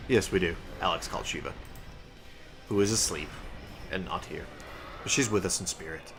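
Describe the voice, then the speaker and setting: A man's voice: low-pitched, normal speed, pauses often. A young man casually commenting on his gameplay and explaining game mechanics. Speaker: let's play host. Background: game music.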